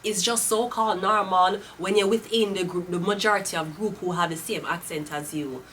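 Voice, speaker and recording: A woman with a Jamaican accent reads tarot cards casually and bluntly, swearing and slipping into patois. Her voice is fairly low and fairly bright, with fairly even intonation and a moderate pace. The recording is a bit off-mic, with a little hiss or hum.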